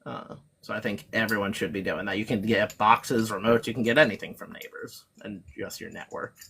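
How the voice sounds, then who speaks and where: A man's voice: lowish voice, steady tone, brisk, creaky, fairly bright tone, a little hiss or hum. A man talking as a guest on a live chat stream, rambling along with plenty of fillers and restarts. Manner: rambling, filler-heavy, self-interrupting. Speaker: guest reseller.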